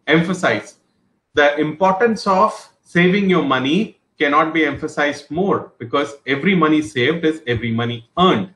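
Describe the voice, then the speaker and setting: A man's voice: a little high, a bit bright. Man teaching vocabulary, echoey room. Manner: repetitive, explains words with example sentences; frequent fillers and restarts, encouraging. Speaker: trainer. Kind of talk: online English vocabulary class.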